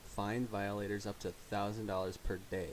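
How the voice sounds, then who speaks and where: A man's voice: on the low side, flat delivery, moderate pace, low-quality recording. A young man hosting a podcast in casual chat, joking, laughing often and reading news headlines aloud. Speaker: podcast host. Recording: faint hiss.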